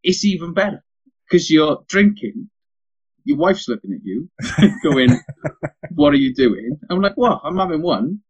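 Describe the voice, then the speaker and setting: A man's voice: medium pitch, lo-fi sound. A young father, telling stories in a casual podcast chat, swearing freely. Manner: sweary, animated anecdote teller.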